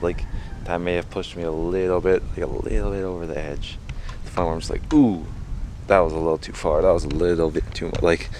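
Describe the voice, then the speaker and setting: A man's voice: deep voice, a little hiss or hum. A young man talking casually and profanely to the camera outdoors, rambling with lots of fillers. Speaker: martial arts tricking vlogger.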